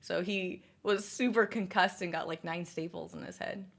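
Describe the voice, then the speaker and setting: A woman's voice: fairly low pitch, fairly even intonation, moderate pace, vocal fry. A young woman streaming, chatting casually and answering viewers' messages, rambling with many fillers and restarts. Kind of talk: casual livestream chat.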